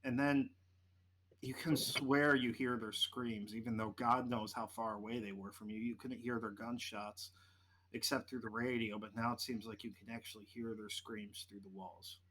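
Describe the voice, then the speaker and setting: Man, game master, dramatic narration, bright forceful voice, tabletop game. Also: lowish voice, fairly even intonation, normal speed, slight background noise.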